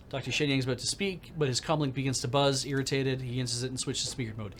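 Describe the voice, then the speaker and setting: A man's voice: mid-range voice, fairly even intonation, fast talker, hardly any pauses, a bit bright, a little hiss or hum. A man streaming a video game who reads the story text aloud and chats casually, thinking aloud as he plays. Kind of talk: let's-play commentary and reading game text aloud.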